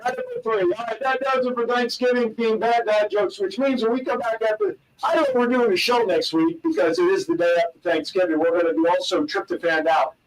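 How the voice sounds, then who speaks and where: A man's voice: sits high, lively intonation, brisk, hardly any pauses, far from the mic, slight background noise, rough recording. A man co-hosting a talk show, playfully telling corny holiday dad jokes and poking fun at himself. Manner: playful, self-mocking joke teller. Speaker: co-host.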